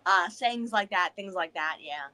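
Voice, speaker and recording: A woman's voice: on the low side, expressive, a little slow, pushed and bright. A woman co-hosting a book club stream, rambling casually with restarts and a slight Southern turn of phrase. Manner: rambling, restarts, many fillers.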